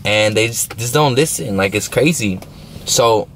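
A man's voice: mid-range voice, unhurried, a bit bright, a little hiss or hum. A young man telling a story in a casual vlog, slangy and rambling, often asking if you know what he's saying. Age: young adult. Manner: laid-back, smoking while talking.

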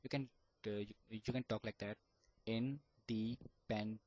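A man with an Indian English accent giving earnest, repetitive advice on overcoming stammering, sounding out words slowly. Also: lowish voice, steady tone, darkish tone, no room sound, muffled recording. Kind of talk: casual advice talk to camera.

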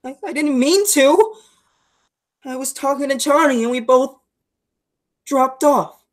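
A woman's voice: sits high, steady tone, a little slow. A woman playing an earnest teenage boy from a gang in an amateur stage play, narrating his story and pleading in the scenes. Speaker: student actor.

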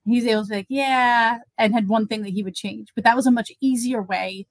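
A woman speaking as an interview guest, thoughtful and conversational, working through everyday examples. Her voice sits at a middle pitch and sounds close and dry, with hardly any room around it. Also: steady tone, fast talker, a little mellow, dry recording, rough recording. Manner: thoughtful, example-driven, many fillers. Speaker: guest expert on end-of-life conversations.

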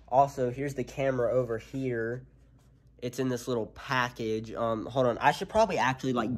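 Congested young man vlogging loudly at home. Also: medium pitch. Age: young adult. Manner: rambling, filler-heavy, talking extra loud. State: sick and congested. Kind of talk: casual vlog. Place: home, indoors. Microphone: handheld camera.

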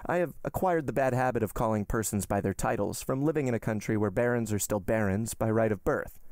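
A man voicing a suave, ironic wealthy count in an audiobook reading, smooth and politely mocking. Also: on the low side, brisk, a little mellow, no room sound, clean studio sound, lightly acted. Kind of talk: audiobook character voice.

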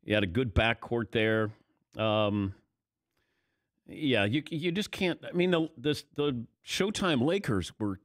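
A man hosting a sports talk radio show, animated and casual, often restarting his sentences. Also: mid-range voice, slow pace, dry recording, clean studio sound.

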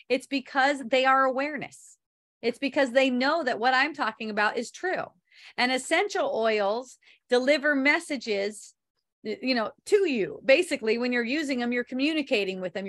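A woman's voice: a little high, a bit bright. A woman giving an online spiritual talk, rambling loosely, laughing often, swearing casually and reading viewer comments aloud.

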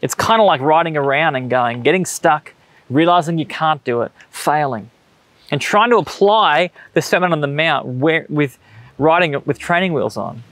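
A man's voice: on the high side, animated, moderate pace, fairly bright tone, dry recording. A man in his thirties with an Australian accent, preaching a sermon in a conversational, earnest way with everyday stories. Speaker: pastor. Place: church stage.

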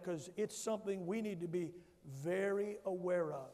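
High-voiced man preaching in a reverberant church. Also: normal speed, hardly any pauses, mellow. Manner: emphatic preaching with call-and-response to the congregation. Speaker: pastor. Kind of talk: sermon. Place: church sanctuary. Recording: long church hall reverb.

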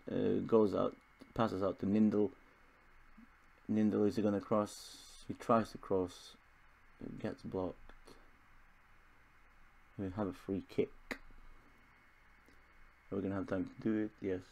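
With a low, warm voice that barely moves in pitch, this young man talks slowly, with vocal fry and long pauses. He's a gaming video host rambling through his football management game, self-deprecating and chuckling as he goes.

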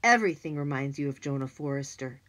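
A scoffing eleven-year-old boy, read by a woman, blunt and quick to tease his friend. The voice moves around a lot in pitch. It is an audiobook character voice. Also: expressive, a bit bright.

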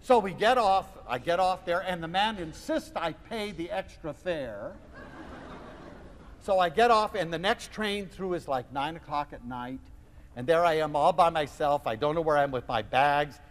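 A man giving a lecture to an audience, telling a personal story in a theatrical, expressive way. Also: fairly high pitch, normal speed, big-room sound. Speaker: lecturer on love.

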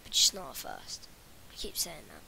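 A woman's voice: sits low, huge pitch swings, moderate pace, vocal fry, sharp tone, a little hiss or hum. A woman talking over her gameplay in a rambling way, often dropping into whispers. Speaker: gaming channel host. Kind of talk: gameplay commentary.

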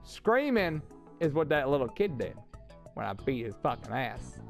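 A man loudly trash-talking and swearing while commenting on his online match, often breaking into shouts. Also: medium pitch, very animated, moderate pace, vocal fry. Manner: loud, brash, swearing, swings into shouting. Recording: loud game music under voice. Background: loud game music.

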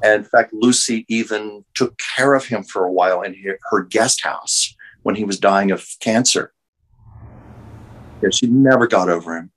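A man's voice: on the low side, moderate pace, fairly bright tone, rough recording. A man, an artist and medium, telling an emotional story earnestly as an interview guest over a video call.

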